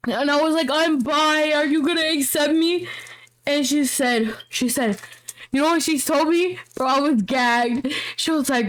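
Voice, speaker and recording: A woman's voice: high voice, unhurried. A young woman co-hosting a podcast, retelling a story in a casual, slangy, swearing way. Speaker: podcast co-host.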